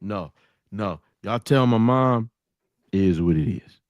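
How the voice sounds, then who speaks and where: A man's voice: on the low side, slow pace, no room sound, highs cut off. A man in his forties, a podcast co-host, telling stories in casual profane banter and acting out quoted voices. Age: 40s. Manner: animated storyteller, acts out quotes.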